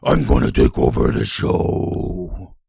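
A man playing a timid, stammering young male assistant in his twenties who keeps breaking into deep demonic growls. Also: big pitch swings, slow, creaky, mellow, breathy edge, no room sound, clean studio sound, heavily acted. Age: 20s. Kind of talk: improvised comedy podcast. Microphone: headphones and studio mic.

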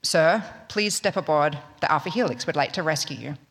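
A man's voice: fairly high pitch, a little fast, a bit bright, husky, long reverb tail. A woman voicing a stern male first mate who orders a man to come aboard. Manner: stern, commanding.

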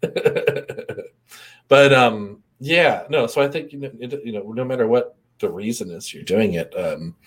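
A man with a mid-range voice speaks in a reflective, easygoing way about healing and energy. He pauses on fillers and often breaks into light laughter. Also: medium pitch. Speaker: co-host, energy healer. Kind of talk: casual spiritual chat.

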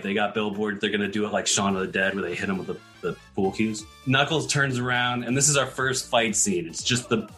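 Speaking in a pushed, bright, mid-range voice, a podcast host tells his co-hosts the plot of a movie he's invented. It's casual comedic storytelling, rambling and full of fillers and frequent laughter.

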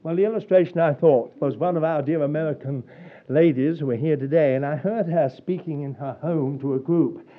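A man preaching a sermon, telling stories with a chuckle in an animated way. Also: on the high side, brisk. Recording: dull lo-fi sound.

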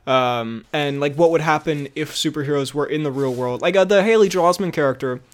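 A man's voice: a little high, a little fast. A man co-hosting a casual podcast chat, rambling with lots of fillers and frequent laughter. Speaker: podcast co-host.

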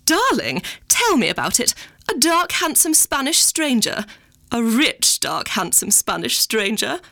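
A woman's voice: a little high, sing-song, unhurried, creaky, sharp tone, exaggerated voice. A woman putting on the voice of her own prim, pompous older mother, who gushes and is easily scandalised.

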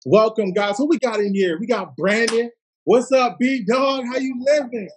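A man's voice: extremely high pitch, moderate pace, a little hiss or hum. A man hosting a Bible study livestream from his phone, hyped and slangy, greeting viewers by name.

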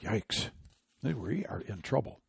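A man's voice: on the low side, big pitch swings, slow, gravelly, breathy edge, dry recording, studio quality. Indignant, sarcastic middle-aged man. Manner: sarcastic, indignant, rising to loud outrage. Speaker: commentary host. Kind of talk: opinionated political commentary.

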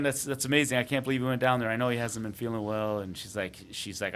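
A man's voice: mid-range voice, flat delivery, fast, hardly any pauses, fairly bright tone, a little hiss or hum. A man co-hosting a podcast, telling a sports story casually and rambling with lots of fillers. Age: adult father. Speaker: podcast co-host.

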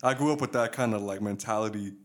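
A man's voice: lowish voice, fast talker. Young new york guy, podcast co-host, slangy and swearing. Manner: loose storytelling with slang and swearing. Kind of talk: casual chat.

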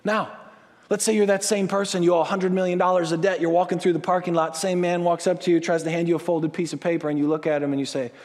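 A man with a high-pitched voice preaches a sermon, his words ringing with a long reverb through a large hall. He shifts into acted-out prayers and excited voices as he drives each point home. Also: fast. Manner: animated, acts out quoted prayers and excited voices. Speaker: pastor.

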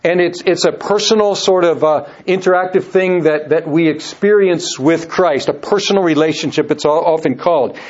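Male Bible teacher, high pitch, measured and repetitive delivery, muffled recording. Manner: measured, repeats words and restarts phrases. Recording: dull lo-fi recording.

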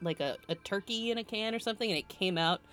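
A woman co-hosting a podcast, reacting with animated disbelief and quick asides. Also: medium pitch, soft background music. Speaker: podcast co-host. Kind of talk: casual chat.

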